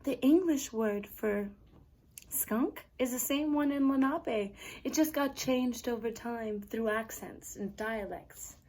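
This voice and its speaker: High-voiced, lively woman teaching kids. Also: slow, far from the mic. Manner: animated, exclamatory, playful. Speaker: arts camp teacher. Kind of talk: children's lesson with pretend play.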